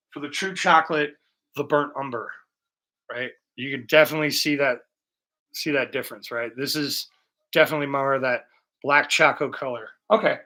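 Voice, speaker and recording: Painting on a livestream, a young man with a slightly high, bright, forceful voice walks viewers through his brushwork, chatting loosely and profanely.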